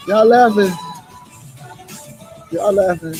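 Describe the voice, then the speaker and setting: A man's voice: high-pitched, lively intonation, measured pace, over music. A man hosting a live stream, talking bluntly and profanely, firing rhetorical questions. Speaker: livestream host. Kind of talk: blunt motivational live talk.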